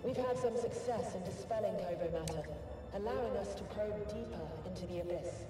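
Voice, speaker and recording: An actor playing a formal male scientist who directs a research facility in a video game, speaking in a measured, formal way. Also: sits high, over music, lightly acted. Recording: game audio, roomy hall from far off.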